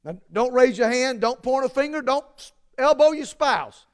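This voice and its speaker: A man preaching a sermon and telling personal stories, halting with many fillers and restarts, then rising to emphatic peaks. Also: very high voice, lively intonation. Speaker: pastor.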